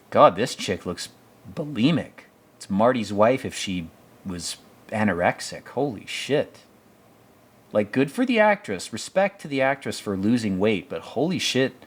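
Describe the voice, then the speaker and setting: A man with a lowish voice talks through a TV episode in loose, profane commentary. His pitch swings widely as he rambles from one blunt opinion to the next. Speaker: podcast host commenting on a TV episode.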